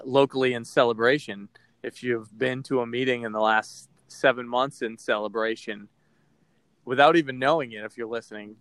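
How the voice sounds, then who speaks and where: A man's voice: mid-range voice, a bit bright, no room sound. Candid man from Boston, dry sound. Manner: candid, rambling with frequent fillers. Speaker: podcast host. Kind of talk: casual podcast chat.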